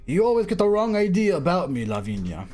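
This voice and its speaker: A man voicing a smooth, theatrical male director in a game story. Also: sits high, very animated, brisk, darkish tone, soft background music, pitched above the performer's own voice. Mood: grandiose.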